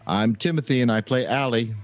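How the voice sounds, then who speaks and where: A man on a tabletop game podcast, speaking in a measured, earnest way. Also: medium pitch, muffled recording, faint music behind. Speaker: podcast player. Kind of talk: casual chat.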